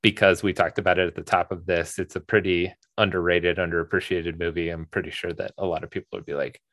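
A man's voice: low-pitched, little pitch movement, fast talker, fairly bright tone, no room sound, clean studio sound. A man co-hosting a movie podcast in casual chat, rambling with lots of fillers and restarts. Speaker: podcast co-host.

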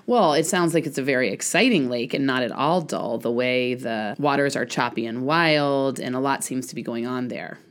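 A student in class answering the teacher with playful remarks about the story. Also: female voice, rumbling low, normal speed, hardly any pauses.

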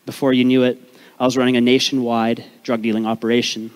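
A man's voice: medium pitch, little pitch movement, fast talker, smooth. A man from Vancouver, telling his life story on stage as a comedic talk, candid and profane with joking asides to the crowd. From Canada, Vancouver.

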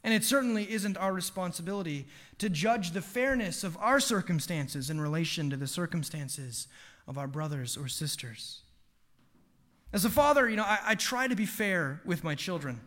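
A preacher in his thirties, a father with a high voice, gives an earnest devotional talk. He tells a family story full of animated asides and quick restarts.

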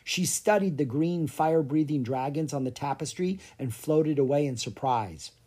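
A narrator reading a children's chapter book aloud, with storyteller pacing and dramatic pauses. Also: mid-range voice, dark tone, husky. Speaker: audiobook narrator.

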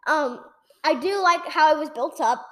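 A woman's voice: high-pitched, moderate pace, bright, forceful tone, slight background noise. A woman appearing as a podcast guest, chatting casually in a teasing way.

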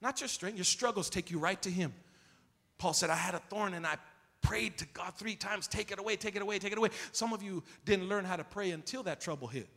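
A man preaching a sermon as pastor, leading the congregation in call-and-response and swinging between shouting and quiet talk. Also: high-pitched, fairly quick. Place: church sanctuary. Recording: long reverb of a big hall.

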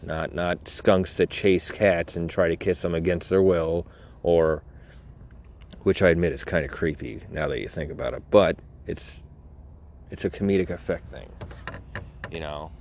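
Deep-voiced man ranting sarcastically. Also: fairly even intonation, a little slow, darkish tone. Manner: sarcastic, profane, rambling. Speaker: podcast host. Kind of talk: comedic rant.

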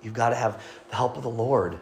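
A man's voice: mid-range voice, a little fast, gravelly, darkish tone, a little hiss or hum. A middle-aged man, a pastor, preaching a sermon in a conversational way, reading scripture and joking with the congregation.

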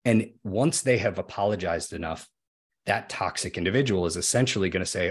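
A man's voice: sits low, brisk, husky. A man in a casual podcast conversation, explaining at length with everyday examples.

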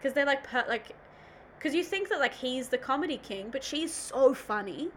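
A woman's voice: high-pitched, lively intonation, moderate pace, fairly bright tone, a little hiss or hum. A young woman co-hosting a casual podcast chat, rambling with lots of 'like' and 'um' and trailing off mid-thought. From Australia. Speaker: podcast co-host.

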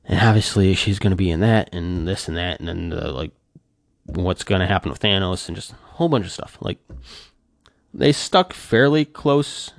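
A middle-aged man with a low, gravelly voice chats animatedly to camera, acting out the reactions he describes. The sound is dry and close, with no room in it. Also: moderate pace, no room sound. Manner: animated, acting out quoted reactions, heavy use of "like". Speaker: vlogger. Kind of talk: casual monologue retelling a movie reaction.

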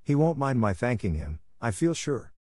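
A man voicing a gentle, hopeful young girl who speaks in an earnest, tender and polite way. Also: mid-range voice, big pitch swings, moderate pace, no echo, clean studio sound, voice pushed up. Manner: earnest and tender, softly affectionate.

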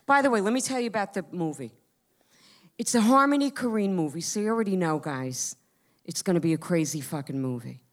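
A woman's voice: lowish voice, lively intonation, fairly quick. A woman in her fifties doing stand-up storytelling, brash and profane, talking straight to the crowd. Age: 50s. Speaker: comedian.

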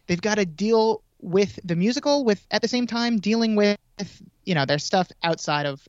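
A man's voice: high-pitched, no echo, lo-fi sound. A man co-hosting a podcast, recapping a film in a casual, jokey way. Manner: laughs easily, jokey. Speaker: podcast co-host.

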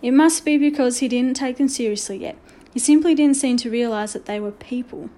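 A woman reads a children's story aloud with measured, expressive narration. Her voice sits slightly high and sounds mellow and rounded. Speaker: audiobook reader.

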